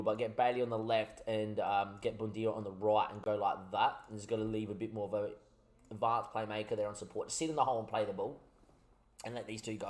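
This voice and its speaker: Tipsy lower-voiced man commentating a game. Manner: excitable mock match commentary, chatty asides. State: a little tipsy from wine. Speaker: Football Manager streamer. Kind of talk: casual gameplay commentary.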